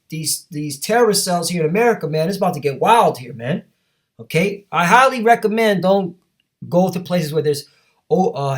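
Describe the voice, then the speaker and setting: A man preaching a fiery sermon, reading scripture aloud and driving points home with repeated "all right?" tags. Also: on the high side. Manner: emphatic, repetitive, with many tag questions.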